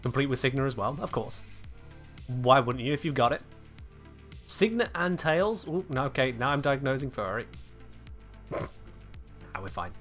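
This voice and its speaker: A man's voice: medium pitch, animated, a little slow, long pauses, fairly bright tone, faint music behind. A British man chatting casually with his viewers on a game live stream, answering chat with wry humor. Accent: British English. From United Kingdom.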